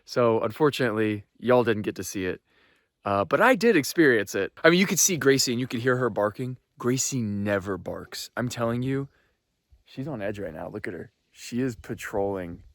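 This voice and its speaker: Animated man breathless after a wildlife scare. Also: medium pitch, moderate pace, no echo, studio quality. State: shaken, heart racing. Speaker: vlogger. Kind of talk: excited casual vlog talk. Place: outdoors in the woods. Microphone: handheld phone.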